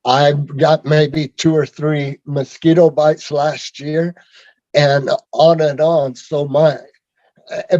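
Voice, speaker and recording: Slow, halting man on a video call. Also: fairly high pitch, dark tone, no room sound. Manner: halting, with many fillers and restarts. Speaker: speaker sharing his story. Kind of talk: rambling personal testimony. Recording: dull lo-fi video call audio.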